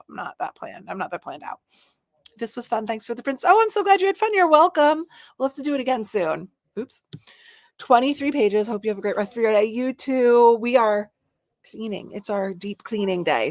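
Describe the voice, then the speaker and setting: A bubbly woman in her thirties hosts a livestream from home. She reads out viewer comments and chats back in an eager, friendly voice at a middle pitch. Her sound is close and dry. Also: no echo. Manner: bubbly, chatty, thanks viewers warmly. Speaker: livestream host. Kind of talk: casual live chat reading comments.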